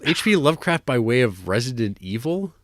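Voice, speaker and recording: This young man co-hosts a podcast in loose, rambling conversation, restarting often and using lots of fillers. His mid-range voice is very animated and brisk, with studio-quality sound and no room noise.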